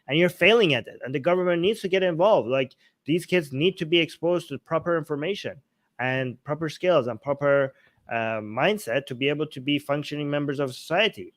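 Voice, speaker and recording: A man's voice: a little high, fairly bright tone. A man co-hosting a casual news talk show at home, talking in heated, emphatic rants. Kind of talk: casual opinionated chat. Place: at home with dogs.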